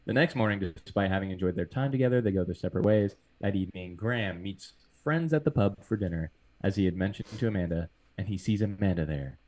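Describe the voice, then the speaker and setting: Here a male podcast host chats casually through a movie recap, laughing frequently. His low, slightly mellow voice runs fast with few pauses.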